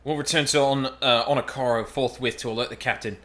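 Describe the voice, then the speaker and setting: A man's voice: medium pitch, fairly even intonation, fairly quick, pushed and bright, pitched above the performer's own voice, natural voice. A man voicing a formal male naval officer in a game, in a stiff, report-like manner.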